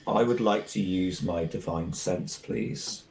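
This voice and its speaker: A man playing a tabletop game, describing his character's actions in a halting, hesitant way. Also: sits low, creaky, darkish tone. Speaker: player. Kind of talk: casual tabletop play.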